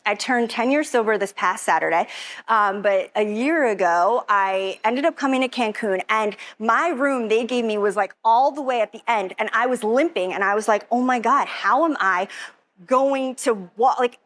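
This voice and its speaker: A woman's voice: on the high side, moderate pace, fairly bright tone. A young woman giving an emotional, rambling personal testimony, full of "like". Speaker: event attendee giving a testimonial.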